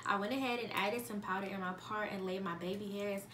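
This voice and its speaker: A woman's voice: mid-range voice, steady tone, a little fast, bright, forceful tone, slight background noise. A young woman chatting casually to her viewers in a beauty vlog, upbeat and talkative. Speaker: beauty vlogger. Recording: echoey room.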